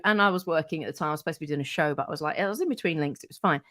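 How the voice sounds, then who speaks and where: Woman, middle-aged, radio presenter as chatty guest, animated and a bit sweary. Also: deep voice, very fast. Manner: animated, acts out quoted voices, swears freely. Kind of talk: casual anecdote telling.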